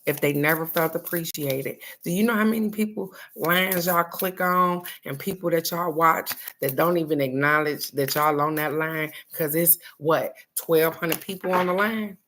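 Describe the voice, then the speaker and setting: An older woman with a drawl hosts a morning live stream and talks heart to heart with her viewers. Her voice sits a little low for a woman, and she keeps coming back to her point with a "guess what?". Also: normal speed, few pauses, a little hiss or hum. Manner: repetitive, warm-hearted, asks "guess what?". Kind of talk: casual heartfelt talk to viewers.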